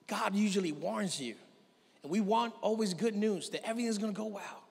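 A male pastor preaching a sermon, telling a story with animated delivery and acting out the voices of the people in it. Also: sits high, fairly quick, vocal fry, in a large hall. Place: church hall.

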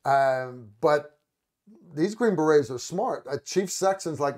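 Animated storytelling American man host. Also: fairly high pitch, slow pace. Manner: animated storytelling, frequent restarts. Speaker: podcast host. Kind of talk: casual chat.

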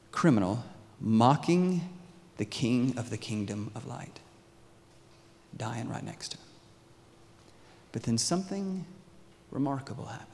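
A male pastor delivers a sermon with animated energy, often throwing questions to the congregation. His voice sounds at an average pitch, trailed by the long reverb of a large church hall. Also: unhurried, gravelly, long pauses. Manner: animated, asks the crowd questions.

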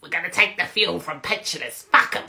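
A woman's voice: lowish voice, lively intonation, a little fast, gravelly, bright, forceful tone, full character voice. A British woman mocking a callous, scheming female politician with a cold, dismissive voice. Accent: British English.

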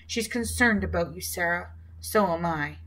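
A woman voicing a worried middle-aged father in prison, speaking softly and earnestly in a storybook reading. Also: fairly low pitch, moderate pace, close to an everyday voice, low-quality recording. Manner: soft, earnest.

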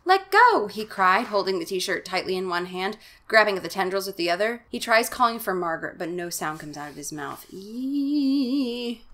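A young woman reads a children's horror story with theatrical flair, breaking off into sarcastic, profane commentary. She hams up the characters' lines in exaggerated put-on voices. Her voice is bright and tense. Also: medium pitch. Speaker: host reading a children's horror book aloud. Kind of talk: comic dramatic reading with asides.

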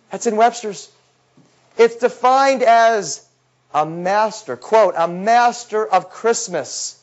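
A man giving a lecture, telling a story in an animated way and acting out his own past words, often dropping to a low, intense tone. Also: takes it slowly. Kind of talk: lecture talk. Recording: dull lo-fi recording.

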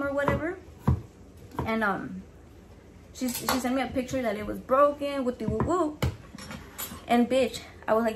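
A woman's voice: a little high, normal speed, long pauses, background noise. A woman chatting casually while she cooks, cursing freely and dropping Spanish words into her English. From Mexican heritage. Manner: profane, animated, switches into Spanish words. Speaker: home cook vlogger. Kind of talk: casual chat while cooking.

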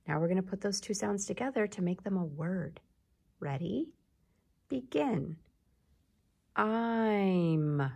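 A woman's voice: mid-range voice, gravelly, darkish tone, breathy edge. A woman teacher giving a patient phonics lesson to young children, drawing out and sounding out words.

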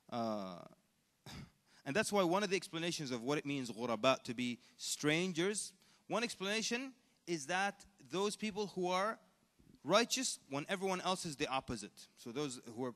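A man's voice: on the high side, a bit bright, big-room sound. A man giving an Islamic lecture at a convention, telling stories in an emphatic way and acting out the people he quotes. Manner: storytelling with quoted voices, emphatic. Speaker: Islamic speaker. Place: convention hall.

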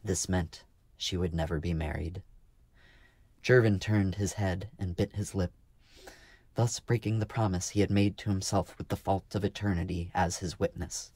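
A man narrating a fantasy novel as an audiobook, in a steady, even storytelling manner. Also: sits low, normal speed, dry recording. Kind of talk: scripted narration.

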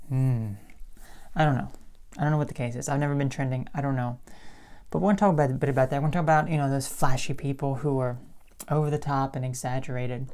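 Young woman YouTuber with a low, calm voice; thoughtful casual chat to camera. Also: fast talker. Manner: calm, even-toned and reflective. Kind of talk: casual talking-to-camera vlog.

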